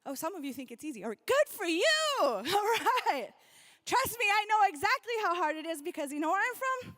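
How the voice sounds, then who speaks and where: A woman's voice: very high-pitched, big pitch swings, a little fast, fairly bright tone. A woman from North Dakota giving a rally speech, calling out to the crowd and leading the audience through a reflection. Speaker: event speaker.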